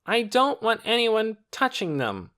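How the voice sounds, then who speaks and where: A man's voice: very high-pitched, big pitch swings, moderate pace, voice pushed up, heavily acted. A man doing a bratty screaming boy. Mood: possessive. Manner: loud, whiny and demanding. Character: bratty shouting young boy.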